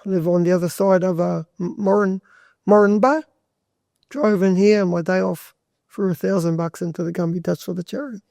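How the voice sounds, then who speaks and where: A man's voice: high-pitched, fairly quick, creaky, warm tone, dry recording, studio quality. A man, a butcher and guest on a podcast, telling stories in a rambling, casual way with plenty of swearing. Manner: rambling, swears freely, restarts sentences. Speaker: butcher and charity walker, guest. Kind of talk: casual storytelling.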